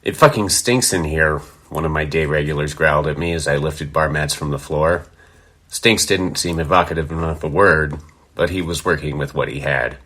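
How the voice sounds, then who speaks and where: A man's voice: very deep voice, bright, forceful tone. A man from Denver, a bartender, reading his written story aloud in a wry, literary, emphatic way. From Denver, USA. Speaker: bartender, listener contributor.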